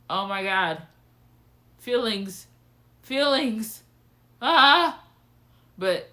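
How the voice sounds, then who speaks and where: A young adult woman telling a personal story to camera in a casual vlog, talking candidly, swearing often and swinging her pitch for emphasis. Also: fairly bright tone. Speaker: vlogger.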